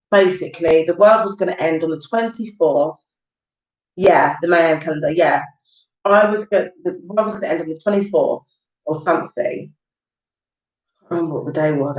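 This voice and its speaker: A woman, rambling casually through stories on a livestream. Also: lowish voice. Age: 30s. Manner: chatty, rambling storytelling with lots of fillers. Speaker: live-stream host. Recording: roomy, distant, dull home recording.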